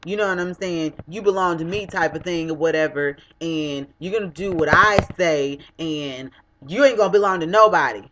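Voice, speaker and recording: A woman's voice: lowish voice, normal speed, background noise. A young woman delivering a heated, profane vlog rant straight to the camera, blunt and cutting. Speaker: vlogger. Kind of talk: ranting vlog monologue. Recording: dull lo-fi webcam audio.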